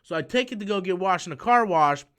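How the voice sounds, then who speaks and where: High-voiced young man ranting casually. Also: animated, quick pace, a bit bright, smooth. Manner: profane, rambling, with frequent restarts. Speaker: YouTube channel host. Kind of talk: casual storytelling rant.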